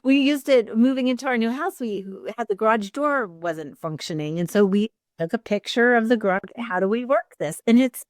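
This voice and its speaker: A woman's voice: on the high side, normal speed, few pauses, dry recording, studio quality. A woman coach speaking as an interview guest, agreeable and encouraging, often affirming with "yeah". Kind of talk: casual conversational interview.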